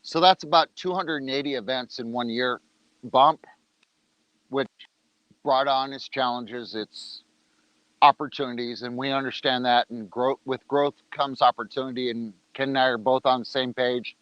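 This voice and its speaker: A man hosts a laid-back outdoor livestream, joking around and talking with food in his mouth. The sound is dry and a little dull, as if from a low-grade mic. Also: steady tone, moderate pace, a bit bright, clean tone, no room sound. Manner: loose, joking, talks while eating. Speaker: organization leader on a livestream. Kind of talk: casual livestream talk. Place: outdoors, rain coming.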